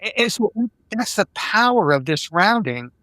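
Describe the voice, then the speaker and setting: A man's voice: high-pitched, very animated, moderate pace, pushed and bright, no room sound. An older man, an executive coach, telling workplace stories in a conversational interview. He acts out bits of dialogue and often repeats words as he talks. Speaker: executive coach and podcast guest.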